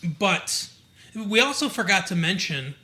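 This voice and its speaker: A man with a fairly high, bright voice chatting loosely as a podcast co-host. He rambles with lots of fillers and slips into the characters' lines as he retells scenes. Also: sing-song, measured pace. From Michigan. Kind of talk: casual chat about a TV show.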